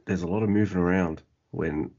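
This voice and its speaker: A man's voice: deep voice, fairly quick, warm tone, dull audio. A man co-hosting a podcast in a laid-back casual chat, often stumbling and restarting his sentences. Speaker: podcast co-host.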